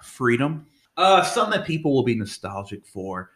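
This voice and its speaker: A man's voice: medium pitch, very animated, moderate pace, a bit bright. A man in his forties, a podcast guest, chatting casually and acting out voices in his stories. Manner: storytelling, acts out voices in anecdotes. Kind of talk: casual chat.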